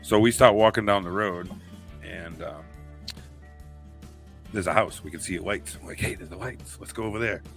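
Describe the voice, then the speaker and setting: This New England podcast co-host speaks low and at a moderate pace, leaving long pauses, with faint music in the background. His storytelling is casual and animated, and he acts out what people said.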